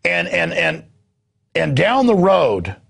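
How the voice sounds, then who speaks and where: A heavily gravelly, husky male voice with a slightly raised pitch, ranting through a fired-up political monologue as a news show host. He mocks others by jumping into shrill put-on voices, then drops back down to his own rough delivery. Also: sing-song, slow pace, fairly bright tone.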